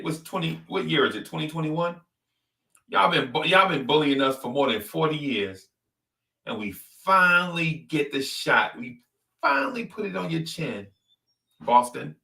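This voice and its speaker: Animated trash-talking New man. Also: on the high side, moderate pace, vocal fry, echoey room, recorded from a distance. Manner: animated, trash-talking, repeats phrases for emphasis. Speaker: sports podcast host. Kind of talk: casual sports talk rant.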